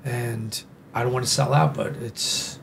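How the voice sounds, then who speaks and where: A man's voice: mid-range voice, fairly even intonation, measured pace, vocal fry, slight background noise. New York-accented man, rambling and emphatic. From New York City. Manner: rambling and emphatic, with many "you know" and "like" fillers. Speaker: podcast guest. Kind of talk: casual interview conversation.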